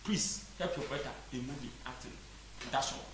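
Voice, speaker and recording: A man's voice: medium pitch, normal speed, a bit bright. A Ghanaian man being interviewed, speaking earnestly and pleading, switching between English and Twi. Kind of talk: casual interview. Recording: echoey room with faint noise.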